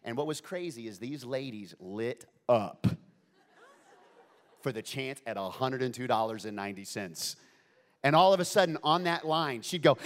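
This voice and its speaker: A man in his forties, a preacher telling a humorous story in an animated, playful way with many asides. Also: mid-range voice, moderate pace. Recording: long hall reverb.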